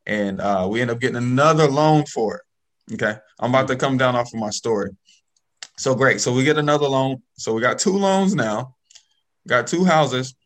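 A man guest telling a story about starting in real estate in a casual, animated way, often checking in with "okay?" and "right?". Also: mid-range voice, moderate pace.

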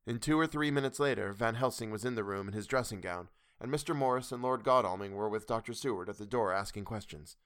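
A man reading a classic novel aloud in a measured, steady storytelling voice. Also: lowish voice, clear, resonant tone, dry recording, studio quality. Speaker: audiobook narrator. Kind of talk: audiobook reading.

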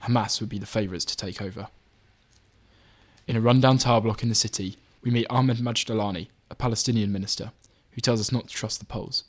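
A man reading his own magazine article aloud in measured, even scripted narration. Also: fairly low pitch.

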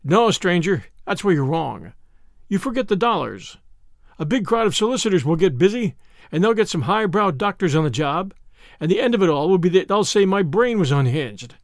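A man's voice: high-pitched, big pitch swings, moderate pace, dry recording, clean studio sound. A man voicing a brash young American man with an American accent in an audiobook, drawling and cheerfully menacing. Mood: cocky. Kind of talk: audiobook character voice.

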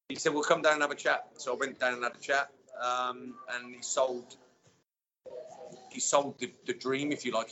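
Ex footballer guy chatting loose with lots of ums, bright tone, bit lo-fi. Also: mid-range voice, slight background noise. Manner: relaxed storyteller, many fillers. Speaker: former footballer guest. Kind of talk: casual interview chat. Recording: dull lo-fi sound.

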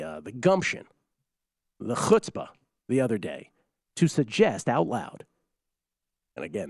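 Animated wry male sports radio host. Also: fairly high pitch, gravelly, no echo, clean studio sound. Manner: wry, animated, mock-incredulous. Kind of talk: sports talk radio banter.

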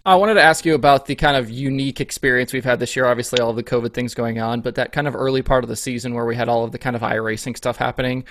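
Quick, chatty interviewer man. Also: medium pitch, steady tone, fairly bright tone, no room sound. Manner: chatty, upbeat questions with "like" fillers. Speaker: podcast host, interviewer. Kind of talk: casual interview.

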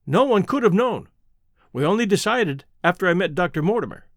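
A man's voice: sits high, animated, fairly quick, a bit bright, no room sound. A man voicing a blunt, plainspoken young baronet who exclaims freely, in a dry close recording.

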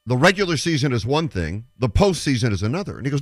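A man's voice: medium pitch, sing-song, quick pace, few pauses, no echo, studio quality. A man hosting sports talk radio, making emphatic predictions and retelling stories with quoted dialogue.

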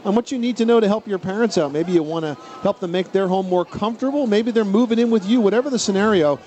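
A middle-aged man hosting a radio call-in advice show, explaining home repairs in a brisk, knowledgeable way. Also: high-pitched, warm tone, slight background noise.

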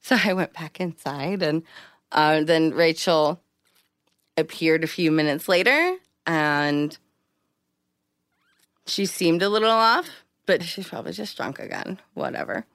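Animated woman telling a story. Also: unhurried, dry recording, clean studio sound. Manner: animated, acts out quotes with big pitch jumps. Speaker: interview guest. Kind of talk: casual storytelling.

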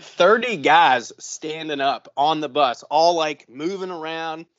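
A man's voice: on the high side, slow, a bit bright, no room sound. Profane rambling man telling a story. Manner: profane, rambling storyteller who acts out other people's voices. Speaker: podcast co-host. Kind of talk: casual storytelling chat. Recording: dry, slightly dull podcast audio.

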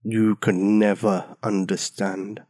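A man voicing a huge, sorrowful male giant who speaks slowly and low. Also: little pitch movement, a little mellow, no room sound, clean studio sound. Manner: slow, drawn-out, low.

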